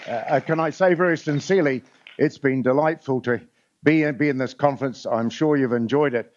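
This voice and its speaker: A man's voice: mid-range voice, brisk, background noise. A man speaking at a conference, telling stories and jokes with frequent "uh" fillers. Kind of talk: motivational talk with jokes. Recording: lo-fi recording.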